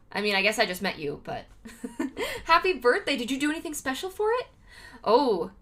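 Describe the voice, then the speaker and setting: Woman, livestreamer, casual chat, pitch jumping all over, frequent laughs, desk mic. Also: very animated, moderate pace, fairly bright tone. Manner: chatty, talks to viewers, many fillers; laughs often between remarks.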